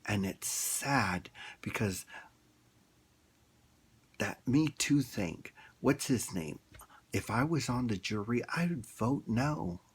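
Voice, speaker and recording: A man's voice: mid-range voice, animated, takes it slowly, long pauses, husky. A man ranting bluntly in a rambling, casual opinion monologue. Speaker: vlogger.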